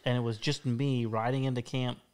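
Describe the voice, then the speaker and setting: A man with an average voice shares an anecdote in easygoing conversation. His telling is animated. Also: mid-range voice, a little fast, clean tone. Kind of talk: casual chat.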